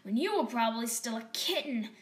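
A woman's voice: on the high side, lively intonation, fairly quick, reverberant, close to an everyday voice. A woman playing a resolute cat heroine. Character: determined female cat leader, friend to all realms.

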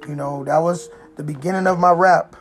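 A woman with a low voice tells a personal story in a loose, reflective way. She circles back often, leaning on "you know" and restarting her sentences, while faint music plays behind her. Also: steady tone, a little fast. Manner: rambling, with frequent "you know" fillers and restarts. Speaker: speaker sharing life story.

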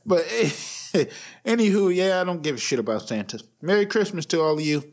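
A man in his thirties talks alone on his podcast, blunt and profane, chuckling at his own jokes. His voice sits a little higher than most men's. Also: animated, normal speed. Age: 30s. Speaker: podcast host. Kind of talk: casual solo rant.

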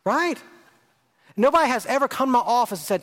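High-voiced earnest preaching man. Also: animated, brisk, a bit bright. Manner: earnest, emphatic preaching with repeated phrases and dramatic drops to a whisper. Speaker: pastor. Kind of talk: sermon.

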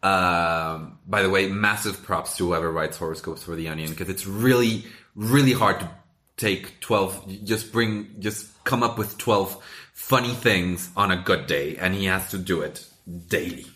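Bright-voiced man chatting in an echoey room. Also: sits low. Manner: rambling, self-interrupting, halting restarts. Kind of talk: casual chat.

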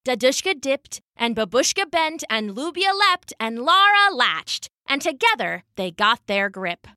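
A woman's voice: high voice, big pitch swings, measured pace, sharp tone, dry recording, clean studio sound. A woman telling a folktale for children in a playful, scripted storybook narration.

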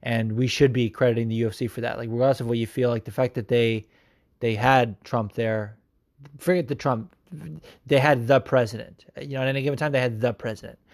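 A man's voice: medium pitch, fairly even intonation, brisk, dry recording, studio quality. Profane, fired-up young man hosting. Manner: rambling and profane, swings from mumbling to hyped. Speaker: podcast host answering listener messages. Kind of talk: casual chat.

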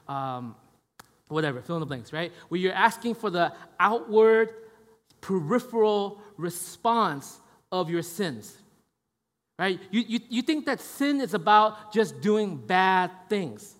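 A man delivers a sermon in a relaxed, conversational manner, often tagging his points with a quick question to the room. His voice sits a little high for a man. The sound carries a long reverb from a large hall. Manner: conversational, frequent "right?" tags. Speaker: pastor.

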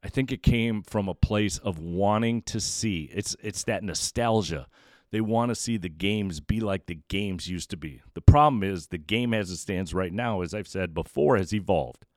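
On his solo sports podcast, a man gives emphatic, opinionated commentary, sometimes stumbling over repeated words. His voice is low, and the audio is studio quality with no echo.

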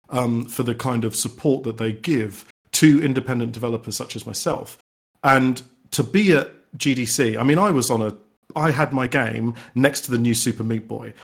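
A man's voice: medium pitch, creaky, husky. A man, an independent game developer, answering podcast interview questions eagerly, often restarting his sentences. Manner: enthusiastic, rambling with frequent restarts. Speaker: indie game developer guest.

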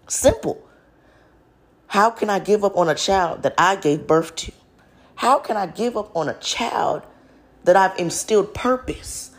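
A woman's voice: medium pitch, animated, a little fast. A woman in her twenties speaking to viewers in a casual, earnest faith talk, often addressing them as y'all. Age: 20s. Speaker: vlogger.

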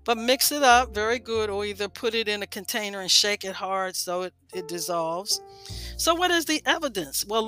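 Woman reading health notes, bright voice. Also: medium pitch. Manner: reads aloud with frequent stumbles and self-corrections. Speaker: health podcast host. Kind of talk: casual reading of a health article.

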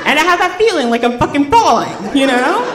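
Brief: woman storyteller live on stage, high voice, audience laughing in a roomy hall. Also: fairly quick, a crowd in the background. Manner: animated, swearing, acting out voices with shrieks.

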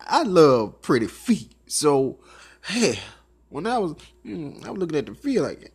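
Memphis man hosting a talk show, rambling and profane; slow delivery, pitch swinging widely. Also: slightly rough. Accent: Memphis Southern. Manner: rambling, animated storytelling with profanity and laughs. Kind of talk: casual monologue.

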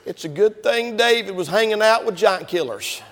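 A man preaching a sermon, telling stories in a folksy way and building up to shouting. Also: sits high, animated, normal speed, big-room sound.

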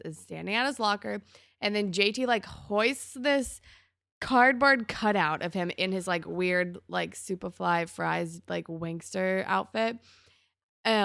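A woman's voice: mid-range voice, creaky, a bit bright, no echo, clean studio sound. A woman hosting a podcast, chatting and gossiping as she recaps a TV episode. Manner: chatty, gossipy, acts out characters' lines. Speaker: podcast host. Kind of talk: casual chat recapping a TV episode.

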